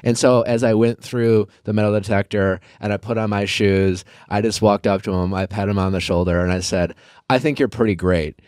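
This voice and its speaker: A man's voice: lowish voice, level tone, brisk, hardly any pauses, a little mellow, clear, resonant tone, dry recording. Rambling casual man, dry sound. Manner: rambling storytelling with restarts and swearing. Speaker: podcast host. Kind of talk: casual chat.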